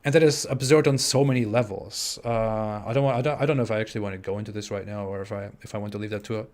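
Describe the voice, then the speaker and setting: A man in his twenties with a German accent, hosting a live stream and reading out viewer super chats, talking in a halting way with many fillers and restarts. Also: lowish voice, fairly even intonation, darkish tone. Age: 20s. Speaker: livestream host. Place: home in the US Midwest.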